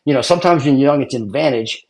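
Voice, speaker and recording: A middle-aged man tells his stories in a loose, animated way. His voice sits in an ordinary middle pitch. He keeps checking in with his listener through casual asides. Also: very fast. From Brooklyn, New York. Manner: animated storyteller with many "you know what I mean" asides. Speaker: guest, retired police and fire officer. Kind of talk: casual storytelling chat.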